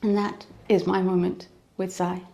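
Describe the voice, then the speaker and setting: A woman tells a personal devotional story in an earnest, heartfelt way. Her voice sits a little low and sounds warm and mellow. She often circles back and repeats phrases to drive a point home. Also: level tone, unhurried, gravelly. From United Kingdom. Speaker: devotee giving testimony.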